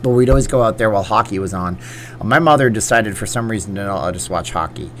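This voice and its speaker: A man's voice: on the low side, quick pace, a little hiss or hum. Chatty man hosting a live Q&A. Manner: chatty, reads viewer comments aloud and riffs on them. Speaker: livestream host. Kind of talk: live chat Q&A. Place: indoor green screen setup.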